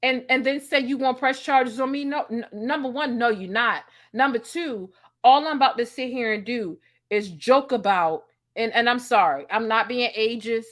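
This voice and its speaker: A woman's voice: on the high side, normal speed, a bit bright. A woman in her thirties telling a story in a casual, sassy and profane way, acting out the dialogue. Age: 30s. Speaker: host.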